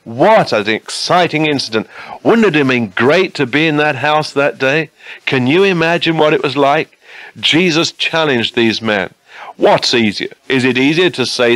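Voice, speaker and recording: A man's voice: mid-range voice, normal speed, fairly bright tone, no echo, low-quality recording. A man preaching a sermon in an earnest, conversational way, often asking his listeners questions.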